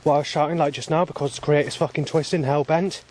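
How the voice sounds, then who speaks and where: A man's voice: on the high side, fairly even intonation, quick pace, a little mellow, a little hiss or hum. A man vlogging on a walk outdoors by a road, talking in a rambling, agitated and profane monologue.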